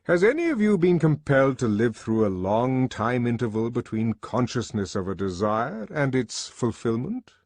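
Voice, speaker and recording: A man's voice: medium pitch, sing-song, darkish tone, no echo, voice pushed up. A man doing a commanding, lecturing world controller. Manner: measured and lecturing. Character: stately older male world controller, calm and commanding.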